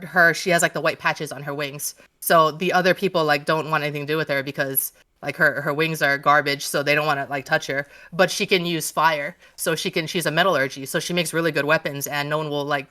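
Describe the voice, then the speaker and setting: A woman's voice: sits low, fairly even intonation, brisk, pushed and bright. A woman author in a casual podcast interview, gushing and swearing freely as she rambles with many restarts.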